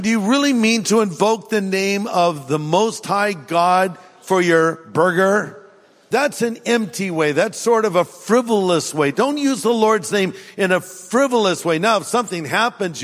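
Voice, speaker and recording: High-voiced male pastor preaching in a reverberant hall. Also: fairly bright tone. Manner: humorous, acts out everyday people in quick asides. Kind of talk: sermon.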